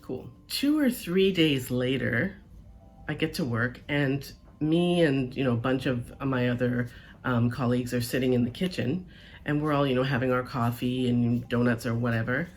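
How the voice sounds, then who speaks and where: A woman's voice: very deep voice, moderate pace. A woman telling a personal story in a casual, chatty way, often checking in with the listener. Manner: chatty, animated, keeps checking in with "right?" and "okay?".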